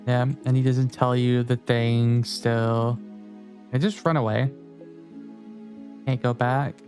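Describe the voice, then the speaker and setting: Mellow-voiced man streaming a game. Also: mid-range voice, level tone, takes it slowly, faint music behind. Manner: musing aloud, talks to chat. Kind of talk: game let's play with read-aloud text.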